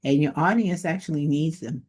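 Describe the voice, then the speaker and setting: A woman's voice: deep voice, moderate pace, a little mellow. A woman giving casual online marketing tips to camera, modest and conversational, thinking aloud as she goes.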